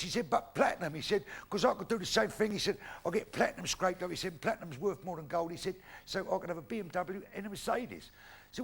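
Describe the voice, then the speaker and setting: A man's voice: sits high, big pitch swings, fast, gravelly, breathy edge. An older man with a Cockney accent telling rambling, swear-laden jokes in a live stand-up routine on a theatre stage. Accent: London Cockney. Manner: rambling anecdotal delivery, lots of acted-out dialogue and swearing. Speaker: stand-up comedian.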